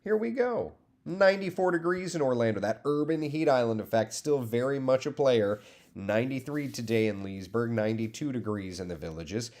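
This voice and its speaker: A man's voice: mid-range voice, brisk, a little mellow. A man who works as a TV meteorologist, giving a casual live weather update and chatting in a friendly way as he greets viewers by name. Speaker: TV meteorologist hosting a morning weather stream.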